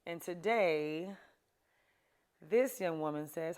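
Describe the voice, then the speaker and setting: A woman's voice: low voice, steady tone, normal speed, smooth. A woman hosting a talk show, giving chatty, emphatic advice to her viewers and laughing often. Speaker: show host. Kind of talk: casual advice talk to camera.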